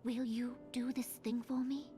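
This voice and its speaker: An actress voicing a gracious young queen in a video game, speaking formally and softly. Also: a little high, level tone, normal speed, lightly acted. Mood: earnest. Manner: formal, grateful and soft. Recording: game music behind.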